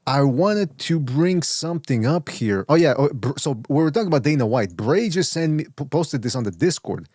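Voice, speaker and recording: A man's voice: a little high, animated, normal speed, darkish tone, dry recording, clean studio sound. A man hosting a boxing podcast in casual chat, rambling with many restarts. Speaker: podcast host.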